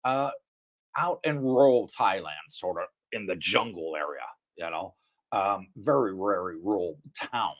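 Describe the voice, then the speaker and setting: A man's voice: low voice, expressive, measured pace, fairly bright tone. A man hosting a casual livestream from his home, greeting viewers by name and chatting about news. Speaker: livestream host. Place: home in Thailand.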